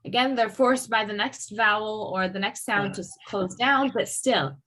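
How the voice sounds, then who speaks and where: A woman teaching English pronunciation in a class, slow and patient, modeling sounds over and over for her students. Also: mid-range voice, bright, forceful tone, rough recording. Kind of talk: online class lesson.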